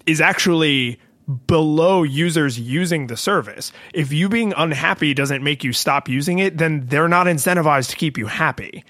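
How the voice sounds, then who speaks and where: A man with a bright, forward voice talks casually about tech on a podcast. He is wry and animated, slipping into little acted-out quotes. The sound is close and dry, with no room around it. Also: on the high side, normal speed, no echo.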